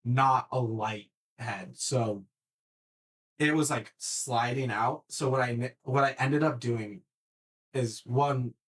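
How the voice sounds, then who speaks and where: A man on a casual podcast, telling a story in an animated way, swearing freely and often restarting his sentences. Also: medium pitch, slow pace.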